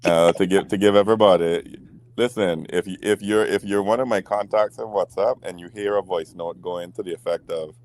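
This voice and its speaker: A man's voice: low voice, steady tone, fairly quick, a little mellow. A man co-hosting a late-night relationship talk show, playful and prone to stammering restarts, still getting over a cold. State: recovering from a cold. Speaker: podcast co-host.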